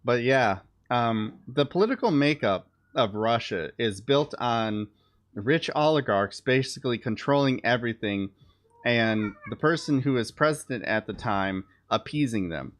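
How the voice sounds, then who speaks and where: A man's voice: medium pitch, expressive, measured pace. A man who streams live, giving casual political commentary in a blunt, sarcastic way and swearing offhandedly.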